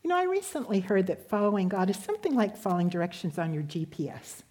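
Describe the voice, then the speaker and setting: Soft-voiced woman giving a devotional. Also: mid-range voice, big pitch swings, fast. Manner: gentle storytelling, ends in prayer. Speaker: speaker giving a devotional talk. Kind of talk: devotional sermon.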